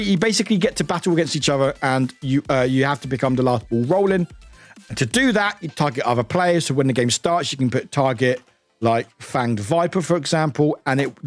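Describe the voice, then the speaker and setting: Tired British man streaming, lively pitch. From United Kingdom. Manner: excitable, rambling, swears and laughs often. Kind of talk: casual livestream chat.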